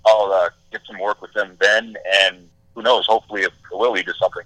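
A man's voice: on the low side, fairly even intonation, a little fast, pushed and bright, no echo, rough recording. A man, a wrestler being interviewed, talking casually with many fillers. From Texas. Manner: laid-back, many "you know" and "uh" fillers. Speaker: guest wrestler.

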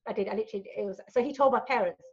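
A woman speaks candidly as a guest on a podcast, frank and sweary, often asking "right?" as she goes. Her voice sits fairly high. The audio is a little dull. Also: very fast. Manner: frank, sweary, laughs often, fillers like right and you know. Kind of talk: candid storytelling in a podcast chat.

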